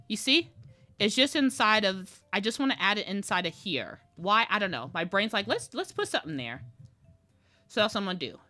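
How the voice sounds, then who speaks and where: A woman with a bright, ringing voice talks her way through a digital drawing live stream, rambling and playful as she narrates each step. Her pitch leaps and dips all over the place in an animated, chatty flow, with faint music playing behind her. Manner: rambling, self-talking, playful. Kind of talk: casual live-stream chat while drawing.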